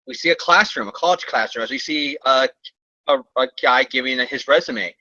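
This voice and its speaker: A man talks through a comic book issue in a loose, jokey, rambling way. His voice is very bright and tense. The recording is dry and muffled, with a lo-fi dullness. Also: medium pitch, no room sound. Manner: rambling, jokey, does quick character voices. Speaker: comic book podcast co-host. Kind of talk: casual comic review chat. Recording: dull, dry lo-fi audio.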